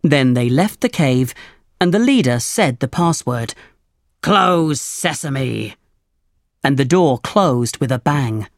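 A narrator giving a measured, clear reading of a chapter book. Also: medium pitch, lively intonation, a little mellow, no room sound, studio quality. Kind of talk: storybook reading.

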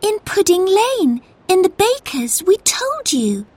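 A woman's voice: extremely high pitch, big pitch swings, slow, a little mellow, no room sound, pitched above the performer's own voice, full character voice. A woman voicing a knowing, slightly bossy girl in a storybook reading.

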